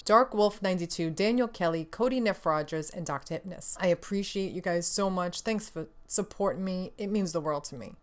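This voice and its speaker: Sassy, profane woman gaming host. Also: fairly low pitch. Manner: profane, sassy, laughs often, exasperated. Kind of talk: casual gaming news rant.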